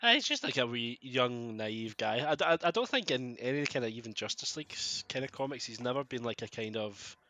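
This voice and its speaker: Bright, laughing man. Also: mid-range voice, expressive, a little fast, hardly any pauses. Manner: laughs often, short reactions. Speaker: podcast co-host. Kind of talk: casual chat.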